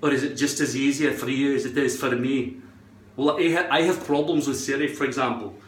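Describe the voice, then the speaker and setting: A man's voice: medium pitch, steady tone, a little fast, slight background noise. A man talking in a put-on Scottish accent, rambling and joking with a lot of swearing while he gives a hairpiece tutorial at home. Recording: roomy echo.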